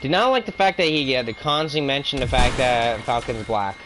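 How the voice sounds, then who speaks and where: A man's voice: medium pitch, animated, brisk, few pauses, music in the background, low-quality recording. A man giving a heated, profane opinion rant as a video reviewer. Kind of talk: ranting opinion commentary.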